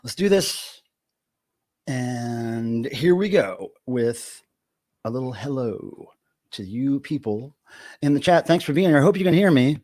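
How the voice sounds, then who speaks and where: Jokey middle-aged livestream host. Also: male voice, medium pitch, animated, measured pace, a little mellow. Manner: jokey, greets chat viewers by name. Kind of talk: casual livestream chat.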